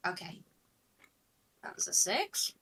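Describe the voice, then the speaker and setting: A woman's voice: slow, bright, forceful tone, slight background noise, low-quality recording. A woman playing in a tabletop game, talking casually and hesitantly. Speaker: player.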